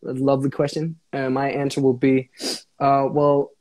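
Young man, mellow and joking. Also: medium pitch, monotone, moderate pace. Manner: joking, laughs often, repeats himself. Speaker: actor hosting a live watch-along. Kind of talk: casual chat. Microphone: phone on a live stream.

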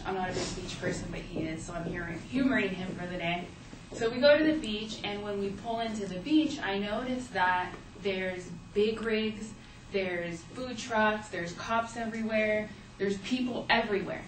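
A woman's voice: medium pitch, a little fast, fairly bright tone. A young woman tells a personal story to a live audience in a loose, chatty way, full of casual fillers. She sounds set back from the microphone, and the room adds an echo. A faint hum of ambience sits under her voice. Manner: chatty, conversational, with frequent fillers. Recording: echoey room, distant mic, faint ambience.

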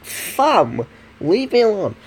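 A man's voice: high-pitched, sing-song, slow pace, slightly rough. Sarcastic, sweary young man. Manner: sarcastic, swears freely, laughs at the dialogue. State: stuffy nose from a cold. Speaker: gaming YouTuber. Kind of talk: casual gameplay commentary.

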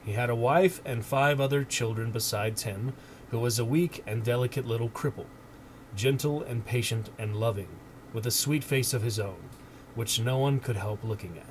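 A man's voice: medium pitch, normal speed, a little hiss or hum. Man reading a storybook aloud. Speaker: streamer.

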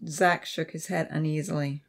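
A man narrating a Christian youth novel in a steady, clear storytelling voice. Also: a little high, moderate pace. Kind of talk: audiobook narration.

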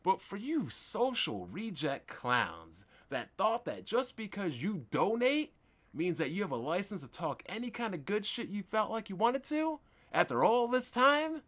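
Indignant man ranting with lively pitch. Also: measured pace. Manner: confrontational, indignant, emphatic with swings in loudness. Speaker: podcast host. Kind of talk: ranting monologue.

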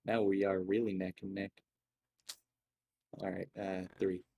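A man's voice: low-pitched, flat delivery, measured pace, gravelly, slightly rough, no room sound, muffled recording. A young man chatting casually over an online card game, explaining the rules and swearing freely. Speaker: guest gamer. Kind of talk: casual gaming chat.

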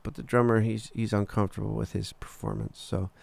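A man teaching a recording workflow in a screen-recorded tutorial, relaxed and casual, talking through each step with filler words and the odd "boom". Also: brisk, creaky, dry recording. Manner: relaxed, talks through steps as he clicks, frequent "uh" and "boom". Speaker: recording engineer teaching software.

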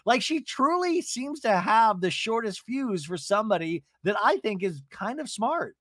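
Male podcast host, comedic recap, gossipy, lively swooping pitch, bright tone. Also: moderate pace, dry recording, studio quality. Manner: chatty, gossipy, acts out quotes.

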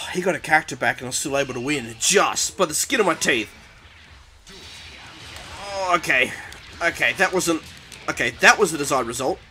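A man giving live commentary over his own fighting-game match, excitable and quick to exclaim in alarm and poke fun at himself. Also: a little high. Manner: excitable, panicky exclamations and self-mocking. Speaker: gaming commentator.

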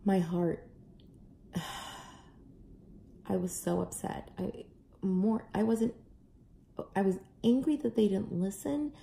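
A young adult mother casually telling a family story to camera, animated, acting out voices now and then. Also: medium pitch, vocal fry. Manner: animated, acts out kids' and own voices. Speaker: parent vlogger.

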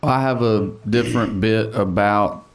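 A comedian with a thick Appalachian accent talks as a guest in a casual interview. He is blunt, wry and freely profane, and his voice sits on the low side. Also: fairly even intonation, a little slow, vocal fry, slight background noise. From East Tennessee.

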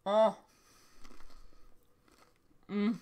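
A woman streaming a game, chatting casually, swearing freely and breaking into sudden excited outbursts. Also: mid-range voice, drawn-out words, clear, resonant tone. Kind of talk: casual live-stream gameplay chat.

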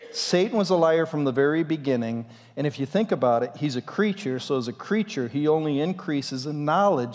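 A man preaching a sermon as pastor, in an animated and dramatic way, in a church sanctuary. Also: mid-range voice. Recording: long reverb in a church hall.

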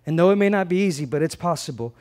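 A man preaching a sermon as a pastor, conversational and animated, often repeating words and swinging between loud emphasis and soft asides. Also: a little high, quick pace.

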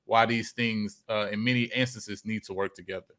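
Bright-voiced podcast host man. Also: fairly low pitch, fairly even intonation, normal speed. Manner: long, winding questions with many fillers; encouraging, faith-based. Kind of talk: interview questions.

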